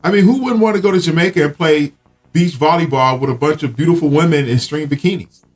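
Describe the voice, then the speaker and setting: A man's voice: fairly high pitch, fast. A man co-hosting a podcast in casual chat, rambling through stories and acting out both sides of each exchange. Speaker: podcast co-host.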